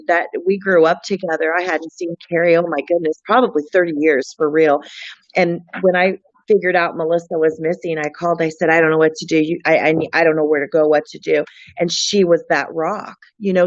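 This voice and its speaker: A woman speaking earnestly in an interview, with frequent restarts and a halting delivery. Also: lowish voice, no echo, muffled recording. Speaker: guest, friend of a missing woman. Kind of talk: emotional interview talk.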